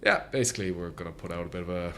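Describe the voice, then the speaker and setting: Irish man, young adult, gruff low voice, profane and blunt; casual podcast guest. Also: animated, very fast, a bit bright, a little hiss or hum. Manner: blunt, swears constantly. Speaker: MMA fighter guest. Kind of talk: casual studio chat.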